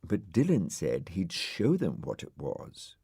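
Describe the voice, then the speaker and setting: A man narrating a storybook in a gently droll, expressive way, close to the mic. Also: deep voice, slow, husky, dry recording. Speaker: audiobook narrator.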